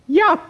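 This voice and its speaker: A gaming YouTuber gives casual commentary in a slightly bright voice, chatting with her viewers in slang. She's jumpy, laughs nervously and shrieks as she plays.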